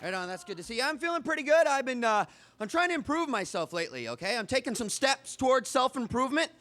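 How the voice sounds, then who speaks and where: A man's voice: very high voice, big pitch swings, fast, noisy background. A man doing stand-up comedy on stage, rambling conversationally with the audience. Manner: rambling, conversational, putting on little voices for bugs. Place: stage in front of a live audience.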